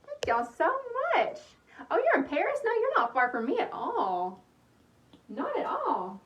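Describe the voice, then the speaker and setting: A woman's voice: high voice, huge pitch swings, measured pace, muffled recording. A woman in her thirties from East Texas with a Texan accent, chatting casually and thanking viewers by name while she crafts on a livestream. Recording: echoey room, mic at a distance, faint hum.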